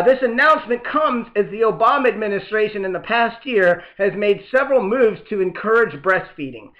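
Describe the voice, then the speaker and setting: A man's voice: sits high, lo-fi sound. A man hosting a political comedy show, reading the news with a sarcastic, mock-outraged tone. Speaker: podcast host. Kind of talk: satirical political commentary.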